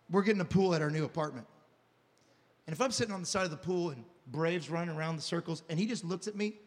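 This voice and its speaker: A man in his thirties preaching a sermon, with a high, animated voice that swings between hushed confession and loud shouting. He stumbles, repeats himself, and restarts lines as the story pulls him along. Long reverb from the church hall trails after every phrase. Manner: repeats words and restarts often. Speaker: pastor.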